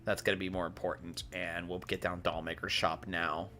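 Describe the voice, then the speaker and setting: A man's voice: low voice, little pitch movement, moderate pace, bright, forceful tone. A man giving casual commentary while playing a card game, thinking aloud and chuckling often.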